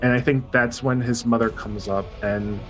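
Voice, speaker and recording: A man playing a tabletop game, describing his character in a hesitant, halting way. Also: medium pitch, steady tone, faint music behind, rough recording. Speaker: player.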